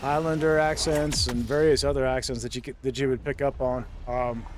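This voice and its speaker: A man's voice: mid-range voice, little pitch movement, brisk, slight background noise. Easygoing Southern man streaming a game. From Southern United States, Florida. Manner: easygoing, rambling, laughs often. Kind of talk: casual live-stream chat while gaming.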